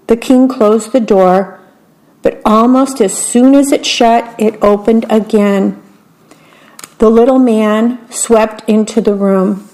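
Slow, gentle woman storyteller. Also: fairly high pitch, fairly even intonation. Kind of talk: reading a fairy tale aloud.

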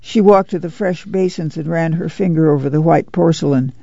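Male audiobook narrator, gravelly, measured; dry, dull recording. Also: a little high, warm tone, no echo. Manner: measured, unhurried storytelling. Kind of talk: scripted novel narration.

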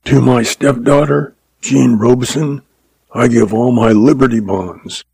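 A man voicing a gruff cowboy outlaw with a hoarse, croaking voice and clipped, threatening commands. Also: medium pitch, steady tone, measured pace, darkish tone, dry recording.

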